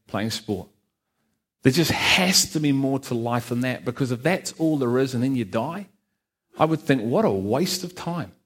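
Earnest Scouse-accented man giving testimony. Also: mid-range voice. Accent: Liverpool (Scouse), softened by New Zealand. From Liverpool, England. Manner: conversational and earnest, many "you know" and "um" fillers, light humour. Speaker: guest speaker giving testimony. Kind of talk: personal testimony to a church congregation. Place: church hall with a live congregation.

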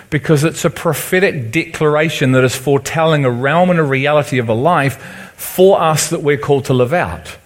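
A man with a Liverpool accent preaching a teaching sermon and often checking in with his listeners. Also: mid-range voice. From Liverpool, England. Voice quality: conversational, asks the room for agreement.

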